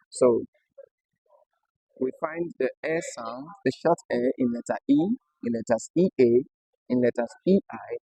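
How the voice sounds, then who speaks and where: A man teaching English pronunciation at a board, spelling out letters slowly and checking in often with his students. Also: mid-range voice, creaky, breathy edge, dry recording, poor audio. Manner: slow, deliberate, spells out letters and checks in with the class. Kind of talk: classroom lesson at a board.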